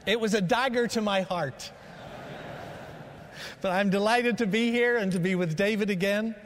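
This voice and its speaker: Man, faded Northern Irish accent, high voice, guest preacher, echoing church hall. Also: moderate pace, fairly bright tone. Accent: Northern Irish, faded by years in America. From Northern Ireland. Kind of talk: sermon. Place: large church sanctuary.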